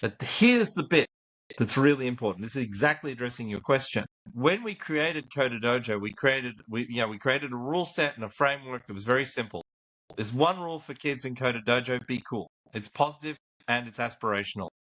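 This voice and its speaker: Investor guest, male, mid-range voice, relaxed storyteller who voices the dialogue. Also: mid-range voice, brisk, low-quality recording. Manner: acts out quoted dialogue in anecdotes. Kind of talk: storytelling interview answer.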